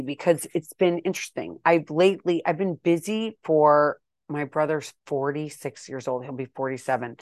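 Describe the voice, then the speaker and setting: A woman's voice: low-pitched, dry recording. A middle-aged woman hosting her own podcast, rambling and self-deprecating in a casual monologue. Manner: chatty, rambling, self-deprecating, acts out quoted exchanges. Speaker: podcast host.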